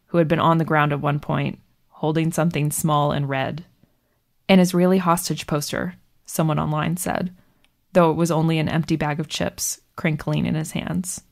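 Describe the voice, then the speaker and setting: A woman calmly narrating a scripted piece of narrative journalism. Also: low voice, vocal fry.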